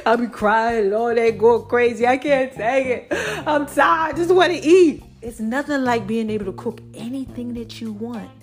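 A woman hosting a casual devotional podcast, animated and laughing, stretching out her words. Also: fairly high pitch, moderate pace, faint music behind. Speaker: podcast host.

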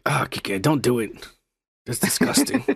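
A man's voice: mid-range voice, wildly swooping pitch, a little slow, creaky, husky, no echo. A man co-hosting a podcast, grumbling and swearing in a crude, drunk, casual chat. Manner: profane, grumbling, mock-angry. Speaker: podcast co-host.

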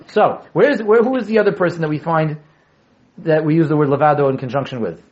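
Lively high-voiced man teaching a class. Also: a little fast. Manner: animated, repeats key words, asks the class questions, joking asides. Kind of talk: Torah class lecture to students. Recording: dull lo-fi classroom recording.

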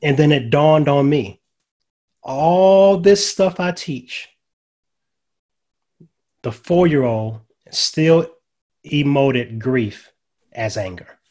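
An older man, a chaplain guest, casually telling a personal story in a folksy, conversational way and dropping softly into quoted dialogue. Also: fairly high pitch, very slow, pauses often. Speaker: guest, grief ministry chaplain.

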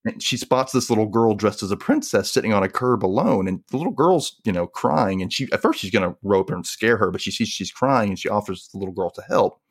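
Low-voiced man recapping a book casually. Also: expressive, fairly quick, hardly any pauses, husky. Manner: loose, filler-heavy retelling with frequent laughs. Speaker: podcast co-host.

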